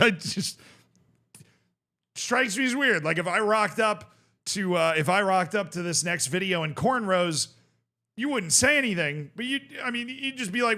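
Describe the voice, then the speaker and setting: Brief: young male host, casual reaction commentary, bright forceful tone, amused and excitable. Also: sits high. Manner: excitable, amused, often breaks into laughter.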